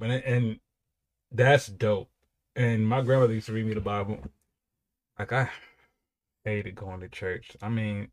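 A young man giving casual, rambling commentary while reacting to music, with frequent repeated praise. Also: lowish voice.

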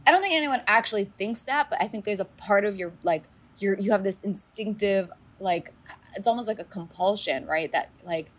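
A woman co-hosting a casual recap podcast, talking in an animated way with many fillers and acting out quotes. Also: medium pitch, a little fast. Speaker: podcast co-host.

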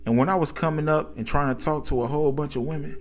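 A man voicing a big, confident, well-off man who talks in a calm, smooth, reassuring way. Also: fairly high pitch, quick pace, soft background music, pitched above the performer's own voice, close to an everyday voice.

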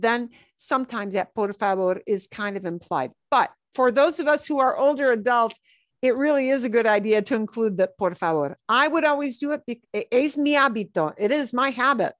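This online class lesson features a middle-aged woman teaching Spanish on a video call, talking in a chatty way and weaving Spanish phrases into her English explanations. Her voice sits on the high side, fairly bright, animated, and fairly quick. It's studio-quality audio with no room sound.

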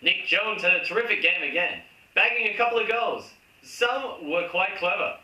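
A man's voice: high-pitched, lively intonation, moderate pace, sharp tone. An Australian man hosting a comic football recap, reading the match summary in a mock-formal commentator tone. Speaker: host. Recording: roomy room, distant mic.

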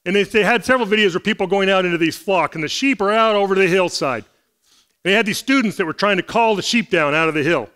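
A man with a notably high voice delivers a church sermon. He speaks earnestly and conversationally, reading scripture and explaining it to the congregation. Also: fast talker, bright, forceful tone, smooth. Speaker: preacher. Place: church service.

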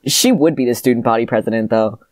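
A woman with a strikingly low voice reads an old story aloud at a brisk clip, keeping it deadpan and laughing at asides. The sound is close and dry. She trades banter with a co-host. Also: no echo. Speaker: podcast co-host reading aloud.

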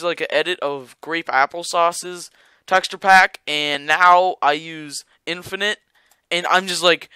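A young man chats loosely over his gameplay, rambling and cracking jokes at his viewers. His voice is bright, crisp and very clear, set a touch high for a man. It sits close and dry on the mic, with no room sound. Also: dry recording. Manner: rambling, jokey, talks to viewers. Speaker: gaming YouTuber. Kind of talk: casual gameplay commentary.

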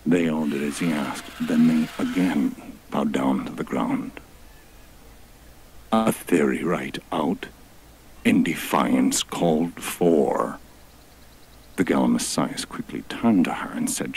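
A man with an extremely deep voice tells a comic rhyming tale. His delivery is theatrical and mock-epic, and he speaks slowly with a husky edge. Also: a little mellow. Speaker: storyteller. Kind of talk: rhyming comic story narration.

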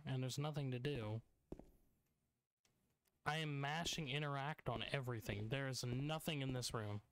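A man's voice: mid-range voice, moderate pace, pauses often, fairly bright tone. A young man commenting on his own gameplay as he plays, frustrated and swearing a lot. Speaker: gamer streamer. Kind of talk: let's play commentary. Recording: noisy home recording.

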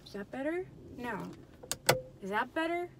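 A woman's voice: high voice, animated, moderate pace, heavy background noise. A woman chatting casually in a haul vlog, talking to herself, frustrated, addressing viewers as y'all and you guys. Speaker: purse reseller vlogger. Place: indoors at night, dim room.

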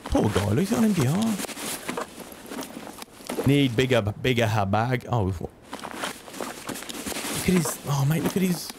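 A man streaming a shooter game, muttering to himself and swearing, with sudden high excited yelps. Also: unhurried, creaky, long pauses, background noise. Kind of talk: casual gameplay commentary.

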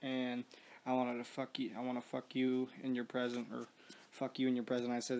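Flat-voiced man rambling through gameplay. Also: mid-range voice, brisk, a little hiss or hum. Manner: rambling, profane, many restarts and fillers. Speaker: mobile strategy game player. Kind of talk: casual gameplay commentary.

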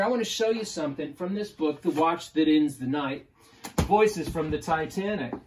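A man, a poet, giving a playful home video lesson on poetry and chanting rhythms aloud in an animated way. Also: fairly high pitch, recorded from a distance.

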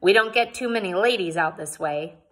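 A woman reading aloud and voicing a rough frontier man who speaks slowly and courteously, with a breathy voice. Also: mid-range voice, a bit bright, lightly acted. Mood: bashful. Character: rough frontier man turned bashful gentleman.

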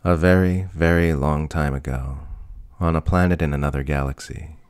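A small, gentle gray alien, voiced by a man reading a story aloud, speaking softly and without hurry, as if it were soothing a child. The voice sits very deep and low, and the recording is dry and close. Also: fairly even intonation, clean tone, no echo. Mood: storytelling. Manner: soft, unhurried, reassuring.

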